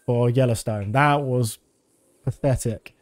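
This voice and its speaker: Male streamer, thirties, mid-pitched, easygoing chat full of fillers. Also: a little slow. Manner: rambling, relaxed, many fillers. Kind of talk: casual gameplay commentary.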